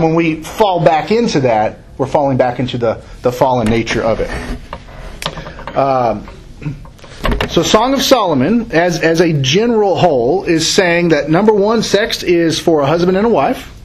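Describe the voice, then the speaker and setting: A man teaching a Bible study class from a handout, reading verses aloud and explaining them in a casual, halting way. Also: a little high, lively intonation, a little hiss or hum, poor audio.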